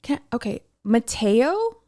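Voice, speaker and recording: A woman's voice: on the high side, sing-song, slow, mellow. A woman co-hosting a podcast in casual chat, giggly and rambling with frequent restarts. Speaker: podcast co-host.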